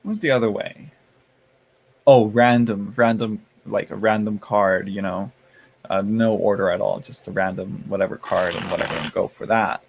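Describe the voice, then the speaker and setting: A man's voice: on the low side, fairly even intonation, moderate pace, gravelly, slight background noise. A tired man chatting casually on a live stream, rambling with many fillers and restarts, playfully sassy toward his chat, yawning now and then. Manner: playful sass, addresses chat as y'all and honey. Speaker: tarot streamer.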